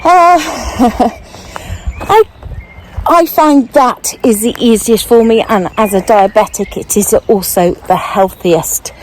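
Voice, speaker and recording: An older woman chatting casually as she walks outdoors, getting out of breath, and thinking aloud in an unhurried way. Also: medium pitch, a little hiss or hum, low-quality recording. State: out of breath while walking. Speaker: vlogger. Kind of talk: casual walking vlog. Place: outdoors, walking.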